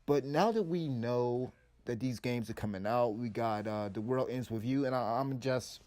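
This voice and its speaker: A man's voice: mid-range voice, normal speed, a little mellow. A man giving casual, rambling opinion commentary on game news, blunt and often restarting his sentences.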